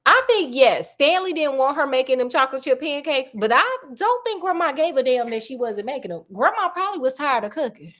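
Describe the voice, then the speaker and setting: A woman casually retelling a book to a friend, animated, with joking asides. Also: high-pitched, fairly quick, few pauses. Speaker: storyteller.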